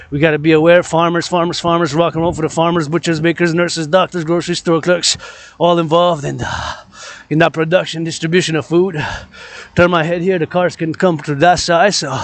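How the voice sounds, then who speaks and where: Man from Quebec, vlogging outdoors on a phone; slightly high voice, rambling and preachy, repeats himself. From Quebec, Canada. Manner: repetitive, impassioned, preachy. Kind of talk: rambling outdoor vlog monologue. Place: outdoors, moving around a city.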